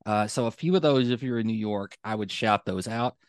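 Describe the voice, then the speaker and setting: A man's voice: fairly low pitch, fairly quick, clean tone, dry recording, studio quality. A man co-hosting a podcast, telling stories casually with plenty of fillers and getting fired up. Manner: chatty storyteller, many fillers, gets fired up. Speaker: podcast co-host. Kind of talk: casual chat.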